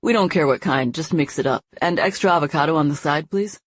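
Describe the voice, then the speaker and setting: A woman reading an audiobook voices a relaxed, confident young man who speaks with quiet assurance. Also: deep voice, brisk, slightly rough, dry recording. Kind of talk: audiobook character voice.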